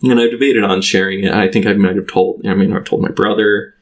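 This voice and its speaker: A man in his thirties telling a personal story as a guest in a casual chat, halting and full of "like" fillers and restarts. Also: fairly low pitch, steady tone. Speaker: podcast guest.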